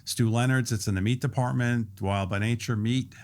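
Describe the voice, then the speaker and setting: A man in his sixties, a restaurant owner and guest on a podcast interview, explaining things at length in a steady, detailed way. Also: mid-range voice, normal speed.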